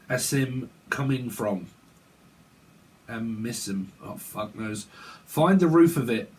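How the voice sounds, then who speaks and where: Male tarot reader, mid pitch, loose comic delivery peppered with swearing. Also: sing-song, slow pace. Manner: rambling, joking and swearing, laughing at himself. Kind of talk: casual tarot reading monologue.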